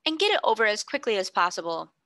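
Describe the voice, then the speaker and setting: A woman voicing a stern, quick-tempered older gentleman in an audiobook reading, measured and firm. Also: mid-range voice, big pitch swings, dry recording.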